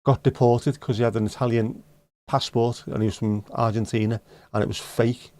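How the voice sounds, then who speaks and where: A man's voice: medium pitch, little pitch movement, normal speed, darkish tone, dry recording. Sweary Scouse man on a livestream. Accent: Liverpool (Scouse). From Liverpool, England. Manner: blunt, sweary banter with dry jokes. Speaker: livestream host. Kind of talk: casual chat answering viewer comments. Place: home livestream setup.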